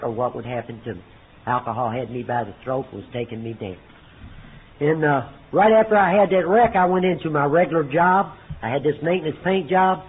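A man speaking at a recovery meeting, telling his story in a folksy way, booming on punchlines and dropping low for quoted lines. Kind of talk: personal testimony to a meeting. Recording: tinny phone-like recording with faint noise.

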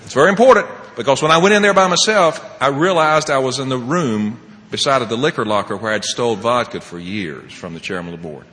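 A man sharing his personal recovery story as a speaker at a meeting, animated and laughing often, swinging between loud and hushed. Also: medium pitch, fast, hardly any pauses, big-room sound, slight background noise.

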